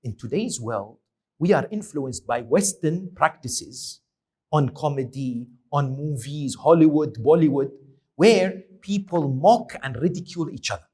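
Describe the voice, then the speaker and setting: A man's voice: on the high side, expressive, measured pace, warm tone, husky. A man preaching an Islamic lecture, reciting Arabic verses and often checking in with rhetorical questions to his listeners. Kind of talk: religious lecture.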